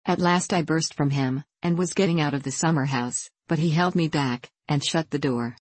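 A woman narrating a classic novel as an audiobook, in a measured, earnest reading. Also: deep voice, darkish tone, dry recording.

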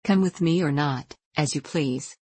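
A stern, dignified clergyman speaks in formal, measured phrases as a woman reader voices him. The voice is low and the recording dry and close. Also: warm tone, breathy edge, dry recording.

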